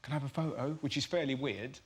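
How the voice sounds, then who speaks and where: A man's voice: medium pitch, fast, slightly rough. An English man in his thirties, a comedian guest telling stories in a chatty, giggly way. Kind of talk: talk show anecdotes. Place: TV studio. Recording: noisy TV studio.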